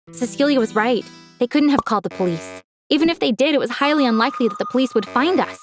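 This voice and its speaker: A young woman narrating a dramatic first-person story in an earnest way. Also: on the high side.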